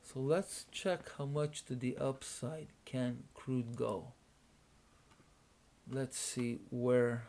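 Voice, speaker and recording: A sleepy man talks through his trades, half to himself. He speaks slowly and at an even, middle pitch, pausing and restarting as he thinks. The delivery is casual and drowsy. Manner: unhurried, muttering to himself with pauses and restarts. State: sleepy, yawning. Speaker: day trader streaming a live trading room. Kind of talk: casual thinking aloud while trading.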